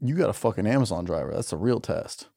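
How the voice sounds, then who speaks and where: A man co-hosting a podcast, teasing his partner and jumping into squeaky mock voices. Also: lively intonation, fast talker, gravelly, mellow, slightly rough, no echo, clean studio sound. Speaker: podcast co-host. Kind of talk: crude casual banter.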